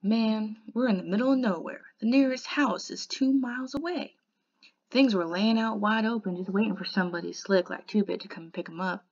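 A woman reading a novel aloud in an expressive way, softening to a hush in the quiet passages. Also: mid-range voice, moderate pace. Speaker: audiobook reader. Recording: dull lo-fi recording.

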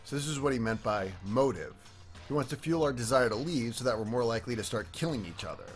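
A man's voice: mid-range voice, fast, faint music behind. A man reading a visual novel aloud, doing voices for the characters with casual asides. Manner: lively, asides and self-corrections between lines. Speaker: game streamer reading and voicing a visual novel.

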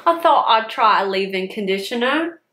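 A woman's voice: fairly high pitch, animated, normal speed, pushed and bright, echoey room. A woman putting on an exaggerated, jokey country British accent. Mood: playful.

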